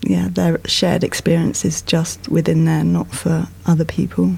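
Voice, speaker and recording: A woman artist talking about her own work in a casual discussion, reflective and hesitant, with many pauses. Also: lowish voice, flat delivery, vocal fry, darkish tone, slightly rough. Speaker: artist guest.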